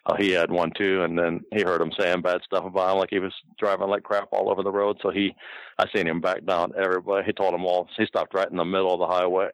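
A man's voice: sits low, little pitch movement, fast talker, no echo, poor audio. An older man and former wrestler telling casual, rambling stories from the road, full of fillers and restarts. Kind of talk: casual storytelling.

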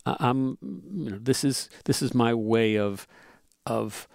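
A man's voice: mid-range voice, animated, takes it slowly, vocal fry, a little mellow, dry recording. A man co-hosting a relationship podcast, musing aloud, often restarting his phrases and chuckling. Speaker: podcast co-host. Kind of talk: relationship advice chat.

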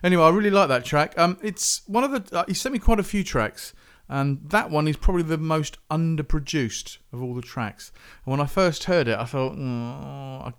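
Rambling chatty podcast host. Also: male voice, a little high. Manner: rambling, chatty, self-interrupting. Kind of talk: casual music podcast chat.

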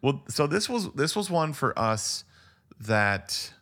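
A man co-hosting a casual film chat, easygoing and agreeable, often chiming in with quick replies. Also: mid-range voice, big pitch swings, sharp tone. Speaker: podcast co-host.

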